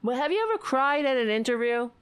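A woman's voice: high-pitched, lively intonation, quick pace, clear, resonant tone. A woman hosting her own political talk show, ranting with sarcasm and indignation, swearing and laughing between points. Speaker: political commentary host. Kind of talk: casual political rant.

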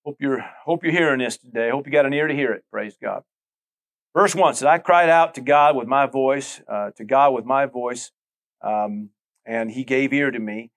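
A man's voice: mid-range voice, moderate pace. Conversational male pastor preaching. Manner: conversational preaching with many asides and repetitions. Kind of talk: sermon.

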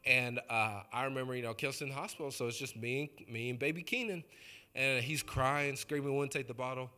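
A man's voice: medium pitch, fairly even intonation, fairly quick, pushed and bright, clean tone. A male pastor preaching in a loose, joking storytelling way, talking straight to the congregation. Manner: chatty, joking, addresses the congregation directly. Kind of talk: conversational sermon storytelling.

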